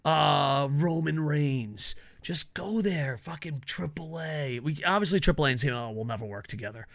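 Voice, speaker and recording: A man with a fairly high voice rants through his own wrestling commentary show. He swears freely, laughs often and gets excitable between asides. The delivery is loose and conversational rather than scripted. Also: normal speed, vocal fry. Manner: profane, excitable, laughs a lot. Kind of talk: casual opinion rant.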